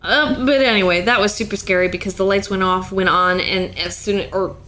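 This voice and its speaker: A woman co-hosting a podcast in an easygoing, excitable way, swearing now and then and joking with her co-host. Her pitch is average for a woman. A faint hiss of noise sits under her voice. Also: a little fast. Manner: enthusiastic, jokey, swears casually. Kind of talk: casual TV recap chat.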